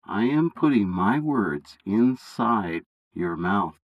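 A man voicing God as a calm, fatherly deity in a bible story reading, speaking steadily and with authority. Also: lowish voice, slow pace, dry recording, narrow, tinny audio, pitched below the performer's own voice. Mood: reassuring.

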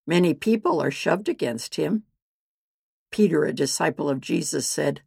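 A woman narrating a Bible story in a measured, deliberate scripted reading. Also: deep voice, animated, gravelly, darkish tone, husky, no echo, studio quality.

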